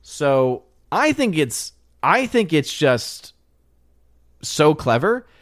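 A man's voice: on the high side, sing-song, drawn-out words, dry recording, clean studio sound. A man hosting his channel, chatting casually and reading viewer comments on a live stream, loose and full of fillers and restarts. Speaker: channel host.

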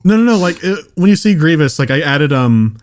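A man co-hosting a podcast, recounting a prank in animated, profane casual chat. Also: a little high, fairly quick. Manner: animated, swearing storyteller. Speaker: podcast co-host.

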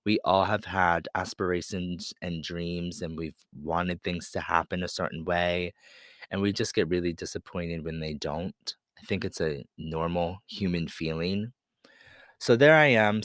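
A man from Pennsylvania speaks slowly and deliberately in a low voice, telling a personal story as a podcast host. He is candid and confessional, and the recording is dry and close with no room sound. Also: no echo.

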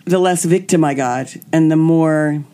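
A woman's voice: sits low, measured pace. A woman guest candidly telling a personal story, acting out what people said. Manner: animated, acts out quotes.

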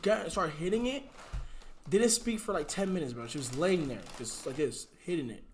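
A man's voice: fairly high pitch, normal speed, a little hiss or hum. A young man, a podcast guest, telling a story in casual slang, keeps saying "bro" and breaks into laughing fits.

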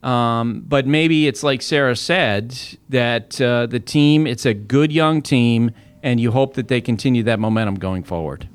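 A man's voice: mid-range voice, measured pace, few pauses, clear, resonant tone. A man talking baseball as an analyst on a casual podcast, telling stories conversationally, with restarts and laughs.

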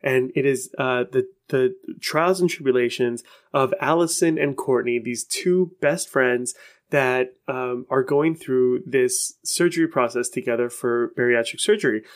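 A man's voice: medium pitch, unhurried. A man hosting his own podcast, chatting alone in an enthusiastic, rambling way that gushes with praise. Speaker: podcast host. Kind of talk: solo podcast chat. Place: office in Los Angeles.

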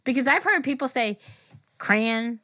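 A woman's voice: mid-range voice, expressive, moderate pace, fairly bright tone. A woman co-hosting a podcast, playful and laughing as she imitates words. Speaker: podcast co-host. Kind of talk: casual chat.

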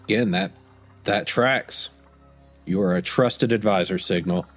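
A man's voice: on the low side, measured pace, gravelly, soft background music. A man speaking as a player character in a tabletop game, hesitant and diplomatic. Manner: hesitant, diplomatic, filler-laden.

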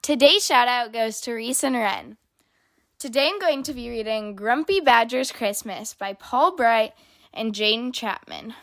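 A woman with a high, bright voice reading a picture book aloud for kids. She tells the story in an expressive, animated way. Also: measured pace, dry recording, studio quality. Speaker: children's story reader.

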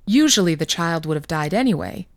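Calm fairy prince, low and smooth, talking someone round, woman reading it, dry close sound. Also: a little fast, no room sound. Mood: persuasive. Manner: calm, reasoning, gently persuasive. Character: otherworldly fairy prince, calm, persuasive man. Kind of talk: storytelling podcast reading.

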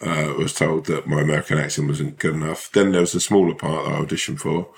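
Deep-voiced rambling man. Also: flat delivery, fast talker, gravelly. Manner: rambling, lots of fillers and swearing. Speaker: podcast co-host; actor. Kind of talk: casual chat.

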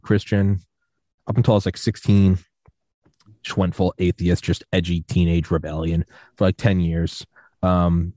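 A young man hosts a podcast in a low, mellow voice, rambling through a casual interview chat and drifting into long stories. He quotes others in animated voices before settling back into easy conversation. The sound is close and dry, with no echo.

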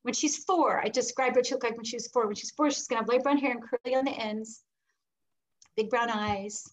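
Animated woman telling a personal story. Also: fairly high pitch, a little fast, slight background noise, poor audio. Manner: animated, acts out quoted voices, laughs between lines. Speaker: guest.

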